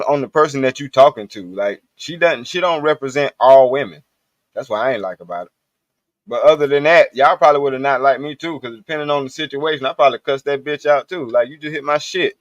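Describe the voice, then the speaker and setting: A man's voice: mid-range voice, dry recording. Blunt, slangy man on a dull line. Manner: loose and blunt, with slang and profanity. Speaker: call-in guest. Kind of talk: casual chat.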